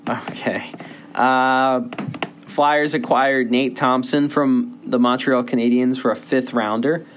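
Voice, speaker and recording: A young man hosting a casual sports podcast, rambling with many fillers and quick bursts of speech. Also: medium pitch, steady tone, a little hiss or hum. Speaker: podcast host.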